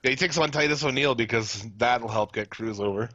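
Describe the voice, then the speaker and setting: A blunt, profane man rants and laughs through casual podcast chat. His voice sits at an everyday middle pitch and comes through dry and slightly dull, like lo-fi stream audio. Nothing sounds polished. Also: a little fast, sharp tone, no echo. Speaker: podcast co-host.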